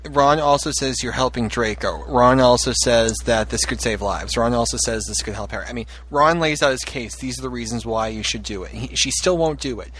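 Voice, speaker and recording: A man's voice: mid-range voice, a little fast, few pauses, a bit bright, a little hiss or hum, poor audio. A man co-hosting a casual discussion of a story, laying out his case point by point with emphasis.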